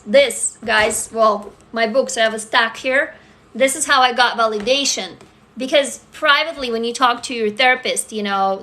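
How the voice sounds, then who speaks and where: Author, female, candid live-stream chat; crisp, bright tone, swears freely. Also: fairly high pitch. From Russia. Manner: candid and blunt, swears freely, laughs through heavy topics. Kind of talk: casual live-stream chat answering comments.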